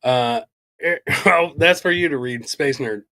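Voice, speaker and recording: A man's voice: fairly high pitch, unhurried, sharp tone. A man co-hosting a casual podcast, rambling, joking and swearing freely. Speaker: podcast co-host.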